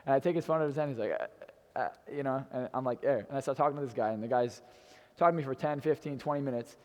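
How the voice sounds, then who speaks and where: A man's voice: mid-range voice, rapid-fire, in a large hall. A young man in his twenties telling a brash, swearing personal story to an audience in a hotel event room. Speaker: motivational speaker.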